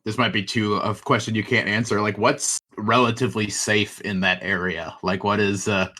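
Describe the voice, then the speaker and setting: A man's voice: on the low side, flat delivery, normal speed, bright, forceful tone. A man playing a tabletop game, joking and hesitant with many fillers. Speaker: player. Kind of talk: casual tabletop play.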